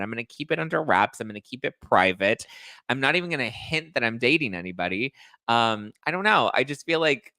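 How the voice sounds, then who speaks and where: A man's voice: medium pitch, pushed and bright, dry recording. Chatty man dishing reality TV gossip. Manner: chatty, rambling, full of "like" and "listen". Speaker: podcast host. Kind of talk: casual gossip chat.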